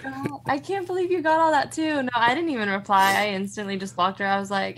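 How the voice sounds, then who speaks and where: Husky woman co-hosting a podcast. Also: a little high, fairly even intonation, quick pace, a bit bright. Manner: blunt, profane reactions. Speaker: podcast co-host. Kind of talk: casual podcast chat.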